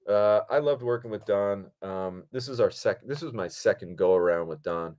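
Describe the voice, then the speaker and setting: A man hosting his own show, telling behind-the-scenes stories in a rambling, animated way and acting out what people said. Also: normal speed, hardly any pauses. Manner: rambling and animated, acts out quotes in higher voices. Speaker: podcast host and film director. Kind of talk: casual storytelling monologue.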